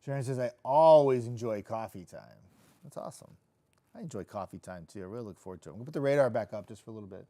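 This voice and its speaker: A man's voice: on the low side, animated, rapid-fire, warm tone. A middle-aged man, a TV weatherman hosting a casual live stream, chatting loosely with viewers and reading out their comments. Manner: chatty, loose, jokey, with frequent restarts.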